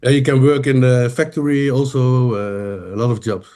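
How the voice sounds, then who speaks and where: A middle-aged man from the Netherlands with a Dutch accent, a podcast guest speaking halting English and searching for words. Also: medium pitch, fairly even intonation, dark tone. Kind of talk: casual interview chat.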